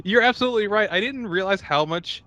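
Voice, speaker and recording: A man co-hosting a casual movie-and-beer podcast, joking and crude, laughing loudly. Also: sits high, lively intonation, quick pace, highs cut off. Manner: loud bursts of laughter, jokey and crude. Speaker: podcast co-host.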